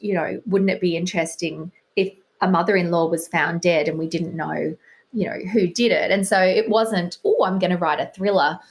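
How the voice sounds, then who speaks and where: A middle-aged woman, a guest author, chatting in an interview with a wry, self-deprecating humor. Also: medium pitch. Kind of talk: casual interview chat.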